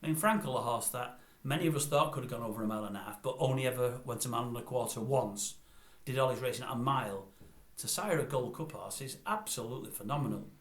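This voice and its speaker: A man's voice: mid-range voice, quick pace, echoey room. An older man who vlogs a blunt, grumbling, repetitive ranting review. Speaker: vlogger.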